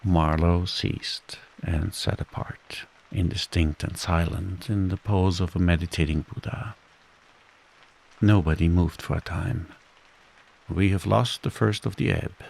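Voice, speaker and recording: A man reading a bedtime story as scripted narration, soothing and unhurried. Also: low-pitched, creaky, a little mellow, slightly rough, poor audio.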